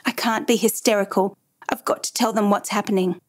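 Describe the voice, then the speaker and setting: Frightened mother, hurried self-talk, voiced by a woman narrator, storybook. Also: mid-range voice, steady tone, lightly acted. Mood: tense resolve. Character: terrified mother steadying herself, woman.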